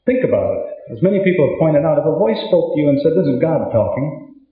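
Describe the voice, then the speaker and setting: A man gives a conversational lecture and tells stories, slipping into the voices of the people in them. His pitch swings widely from phrase to phrase. The sound is thin and tinny, with heavy echo from a big hall. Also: very animated, fast talker. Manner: storytelling, acts out both sides of dialogues. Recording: tinny, very echoey hall recording.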